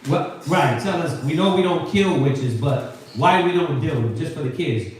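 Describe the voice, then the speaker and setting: A man teaching a Sabbath scripture class, preaching in an animated, slangy way and firing questions at the group. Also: fairly high pitch, normal speed, heavy reverb, recorded from a distance, a little hiss or hum, low-quality recording. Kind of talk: call-and-response scripture teaching. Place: classroom or meeting hall with a live group.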